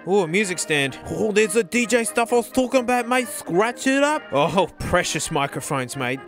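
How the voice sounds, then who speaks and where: Excitable high-voiced Australian man. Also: normal speed, soft background music. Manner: excitable, gushing, says "mate" constantly. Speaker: vlog host. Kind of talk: casual walkaround vlog. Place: indoor music store, walking around.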